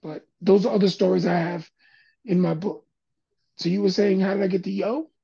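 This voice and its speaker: Gravelly older man telling stories. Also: high-pitched, normal speed, highs cut off. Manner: animated storyteller, acts out quoted voices. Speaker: guest, music producer and DJ. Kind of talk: casual storytelling interview.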